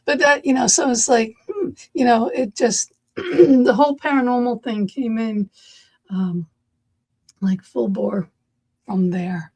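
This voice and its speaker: Husky-voiced woman telling a story. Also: on the high side, takes it slowly, long pauses. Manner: storytelling, animated, laughs. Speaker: podcast host. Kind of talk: casual podcast conversation.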